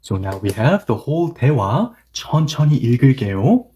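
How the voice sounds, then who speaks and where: A man's voice: medium pitch, big pitch swings, racing, mellow. A man teaching a language grammar lesson, patiently repeating and restating each point and reading example sentences aloud at several speeds.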